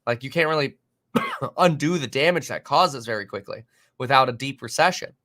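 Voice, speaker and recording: A man hosting a live market stream, reading viewer comments aloud and reacting in an animated, exasperated, rambling way with many fillers. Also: medium pitch, normal speed. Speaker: market livestream host.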